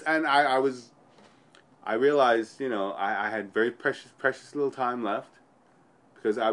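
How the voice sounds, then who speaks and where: A man telling a personal story in an interview, rambling and often repeating and restarting his phrases. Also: medium pitch.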